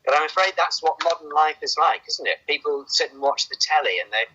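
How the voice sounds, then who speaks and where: A man's voice: on the high side, a little fast, pushed and bright, lo-fi sound, slight background noise. A man speaking as a doctor guest, earnest and hesitant, often repeating words. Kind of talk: casual conversation.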